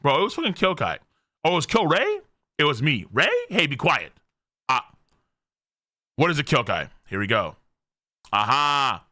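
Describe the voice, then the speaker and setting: A young man hosting a live stream where he reacts to a manga, excitable and cursing freely as he reads character lines aloud. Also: medium pitch, normal speed, long pauses, dry recording, studio quality.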